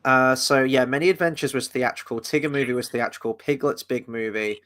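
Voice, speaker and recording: This man co-hosts a casual film podcast and reads live chat comments aloud, chuckling as he goes. His voice is medium-pitched, a little fast, and a bit bright, and the talk is casual chat.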